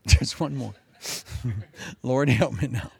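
A man preaching a sermon in an animated, joking way. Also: medium pitch, slow, gravelly, slight background noise. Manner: animated, joking, with frequent laughs.

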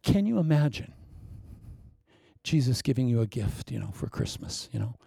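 A man delivers a sermon in a gravelly, warm low-lit voice. He mixes dry, self-mocking humor into his preaching and swings between forceful emphasis and hushed asides. The sound is close and dry. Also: sing-song, moderate pace, no room sound. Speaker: pastor.

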